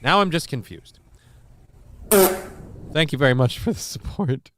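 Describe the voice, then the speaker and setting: A man's voice: medium pitch, expressive, measured pace, long pauses, a bit bright. A man hosting a casual livestream, joking loosely and with profanity while reading out viewer comments. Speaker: livestream show host.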